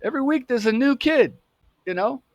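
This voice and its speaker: A man's voice: very high-pitched, animated, a little fast, dry recording, highs cut off, voice pushed up. A man voicing a cocky, streetwise teenage boy who talks in drawling slang. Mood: swaggering.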